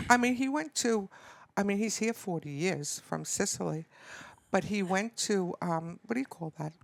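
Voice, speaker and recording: A woman guest in casual chat, telling family stories in an animated way. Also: mid-range voice, moderate pace, vocal fry. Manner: animated storyteller. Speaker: podcast guest.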